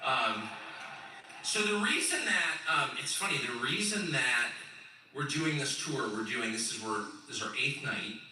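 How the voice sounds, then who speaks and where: A man's voice: medium pitch, unhurried, slight background noise. Sardonic man in an echoing hall. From California. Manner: sardonic, chuckling, animated storytelling. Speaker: host on a live stage tour. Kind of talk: live stage monologue. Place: large indoor event hall. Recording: roomy echoing hall, distant mic.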